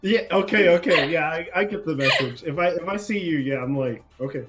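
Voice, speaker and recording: A man's voice: on the high side, brisk, heavy background noise. Jokey stammering male player. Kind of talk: casual play chat.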